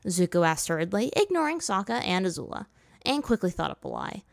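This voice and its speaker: A woman narrating a story aloud, lifting her pitch for the characters' lines. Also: sing-song, brisk, vocal fry, dry recording, clean studio sound. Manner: voices characters with raised pitch. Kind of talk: reading fan fiction aloud.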